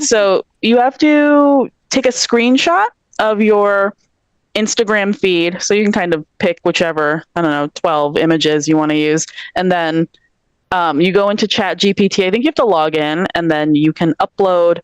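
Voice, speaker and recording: A woman's voice: fairly low pitch, normal speed, smooth, dry recording. A woman co-hosting a casual comedy chat, teasing her partner playfully and laughing often. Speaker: co-host.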